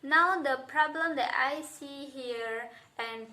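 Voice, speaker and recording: A woman who speaks English as her first language, giving a public talk on stage. She speaks deliberately and with emphasis, addressing the audience directly. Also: sits high, bright, forceful tone. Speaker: conference speaker. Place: stage before a live audience.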